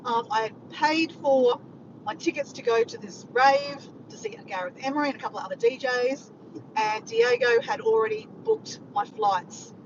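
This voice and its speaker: An Australian woman tells stories to her viewers in a chatty, excitable vlog. Her voice sits high and swoops all over as she talks. The audio is dull and lo-fi, with clear background noise underneath. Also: normal speed. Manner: chatty, excitable, keeps addressing viewers as guys. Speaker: vlogger. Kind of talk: casual chatty vlog storytelling.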